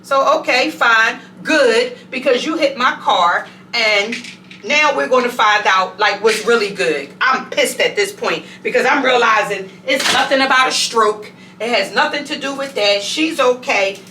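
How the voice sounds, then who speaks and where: A woman vlogger telling a story in an animated, conversational way at home. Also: a little high, a little slow, echoey room, far from the mic, slight background noise, poor audio. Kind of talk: storytime vlog. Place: home bathroom.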